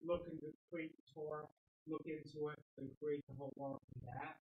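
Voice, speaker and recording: A man's voice: a little high, expressive, a little fast, vocal fry, a little hiss or hum. A young man in the class asking the rabbi questions from across the room. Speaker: student in the class. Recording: quiet, dull and distant from the mic.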